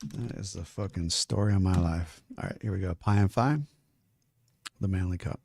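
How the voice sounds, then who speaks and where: A man's voice: low-pitched, fairly quick, gravelly, darkish tone. A man, a music producer, chatting casually and rambling as he masters a song live, swearing now and then. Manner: talks while chewing. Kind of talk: casual livestream talk while mastering.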